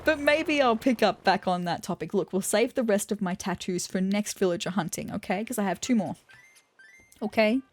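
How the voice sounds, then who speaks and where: An Australian woman hosting a let's-play video, commenting in a gushing, excitable way. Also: mid-range voice, normal speed, dry recording. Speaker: gaming channel host.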